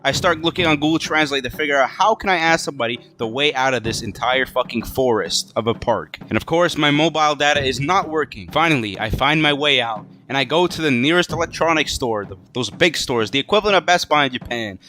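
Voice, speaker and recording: A man, a vlogger, telling a casual story to the camera in an animated, profane, self-mocking way. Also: mid-range voice, brisk, few pauses, a little hiss or hum.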